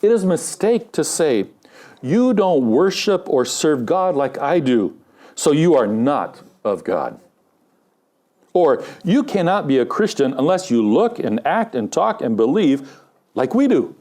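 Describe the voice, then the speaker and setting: A male pastor preaching with a mellow, warm voice that sits a little high for a man. His delivery swings through a wide, lively pitch range, rising for emphasis and sinking low and soft for weighty lines. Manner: animated storytelling with shouted punchlines. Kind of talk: sermon.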